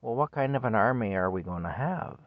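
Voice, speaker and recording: A man's voice: lowish voice, animated, a little fast, dry recording, narrow, tinny audio. A man in his fifties ranting on his vlog in an indignant, scornful way with wry chuckles. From Canada. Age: 50s. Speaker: vlogger. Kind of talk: solo opinion rant to camera.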